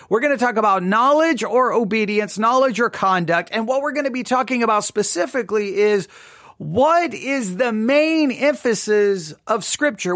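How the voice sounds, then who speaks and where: A man hosting a solo Bible teaching show, talking deliberately, repeating key phrases, and restarting sentences often. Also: very high voice, fairly bright tone, no echo, studio quality.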